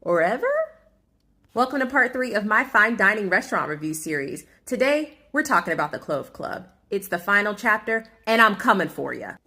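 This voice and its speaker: Woman food vlogger ranting, super dramatic, bright punchy voice. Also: medium pitch, sing-song, moderate pace. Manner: dramatic, exaggerated, storytelling with laughs. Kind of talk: comedic restaurant review rant.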